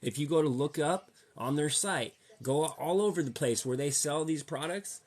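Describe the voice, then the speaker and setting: A man's voice: on the high side, normal speed, darkish tone. A man vlogging a casual rant, slangy and profane, heated and repetitive as he talks to his viewers. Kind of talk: casual ranting monologue.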